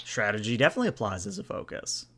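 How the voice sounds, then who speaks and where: A man narrating as game master over a video call, explaining rules and describing scenes in a relaxed, chatty way. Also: lowish voice, rapid-fire, husky.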